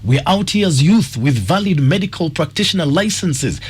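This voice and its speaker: A man's voice: a little high, animated, normal speed, slight background noise. A man with a Kenyan accent hosting a radio call-in show, reading listener messages aloud. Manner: reads listener messages aloud, brief replies. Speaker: radio host.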